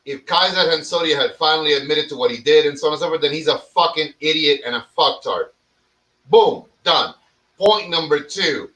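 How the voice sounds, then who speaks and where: A man's voice: fairly high pitch, moderate pace, sharp tone, recorded from a distance, poor audio. A man hosting a casual talk show, speaking bluntly and swearing, often repeating words as he starts a point. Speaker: cigar podcast host. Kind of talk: casual opinion chat.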